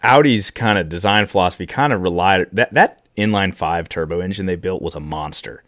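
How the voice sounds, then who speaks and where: A man co-hosting a casual podcast, explaining things in a measured way with frequent pauses. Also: low voice, fairly bright tone, no room sound, clean studio sound. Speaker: podcast co-host explaining rally history.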